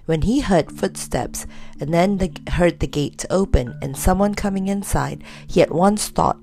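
A woman reading a children's story aloud in a lively, expressive way. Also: fairly low pitch, unhurried, vocal fry, soft background music.

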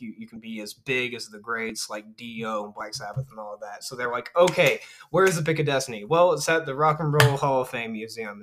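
A man casually retelling a film's plot on a podcast, rambling with many fillers and quick character voices. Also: medium pitch, fairly bright tone. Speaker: podcast host. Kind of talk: casual movie recap.

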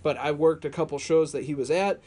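A man casually telling wrestling stories on a podcast, animated and laughing often. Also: on the high side, brisk, breathy edge. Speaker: podcast co-host.

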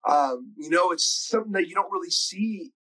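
A man's voice: sits high, expressive, moderate pace, fairly bright tone, low-quality recording. A man hosting a podcast, speaking in a casual, reflective way and reacting often with short exclamations. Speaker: podcast host. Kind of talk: casual interview chat.

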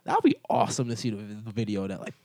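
A man's voice: lowish voice, very fast, a little mellow, no room sound, clean studio sound. A young man hosting a casual podcast chat, telling rambling stories full of filler words. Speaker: podcast host.

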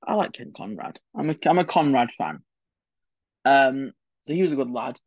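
A man's voice: mid-range voice, lively intonation, moderate pace, no echo, highs cut off. A man hosting a solo political history podcast, chatty and opinionated, with many digressions and asides. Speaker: podcast host.

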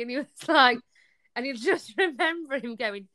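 A woman's voice: sits high, moderate pace. A young woman, a podcast guest telling her story in casual chat and acting out the dialogue. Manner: animated, acts out quoted dialogue.

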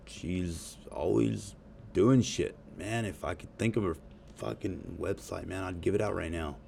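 A man's voice: deep voice, unhurried, creaky, a little mellow, a little hiss or hum. A man rambling profanely and jokingly in a casual monologue to his audience. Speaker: vlogger.

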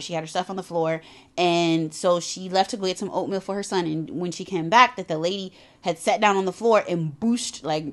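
A woman giving a motivational talk on self-love, emphatic and conversational, with casual asides and repetition for emphasis. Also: fairly low pitch. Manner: emphatic, conversational, drops into animated character voices for retold quotes. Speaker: self-help speaker.

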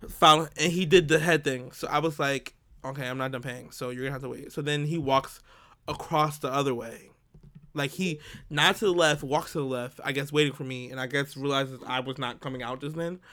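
At normal speed and with a fairly high pitch, this male podcast co-host relates a story in relaxed chat. He keeps it animated, breaking into laughter frequently and acting out others' words.

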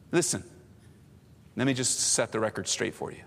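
A man's voice: lowish voice, lively intonation, normal speed, creaky, pauses often, a bit bright, big-room sound. A man preaching a sermon in a conversational way, acting out little scenes as he goes. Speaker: pastor.

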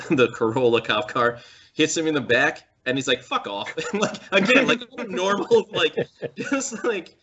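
A man chatting casually about a movie, animated, with many "like"s and casual swearing. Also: a little high, measured pace, a crowd in the background. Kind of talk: casual movie review chat. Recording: dull lo-fi sound.

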